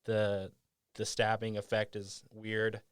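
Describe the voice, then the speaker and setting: A man's voice: lowish voice, monotone, slow pace, clear, resonant tone, dry recording, clean studio sound. A man hosting a podcast, casually retelling a movie scene by scene in a rambling way. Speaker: podcast host.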